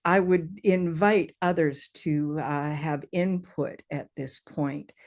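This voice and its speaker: A woman's voice: sits low, steady tone, slow pace, a little mellow. A woman hosting an online meeting, enthusiastic, thanking people and inviting them to speak. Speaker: meeting host. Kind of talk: casual online meeting talk. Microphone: video call.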